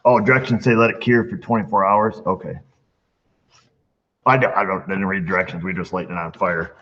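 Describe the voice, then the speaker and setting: A low, steady, brisk male voice belongs to a mechanic and channel host doing a casual mail call in his auto repair shop bay. Between jokes, he reads letters aloud and tosses in asides, all captured on dull lo-fi sound with faint noise.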